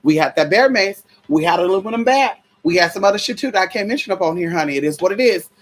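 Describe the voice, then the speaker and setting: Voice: mid-range voice, lively intonation, fast talker. A vlogger telling a story in a casual, profane, chatty way, calling viewers y'all, girl and honey.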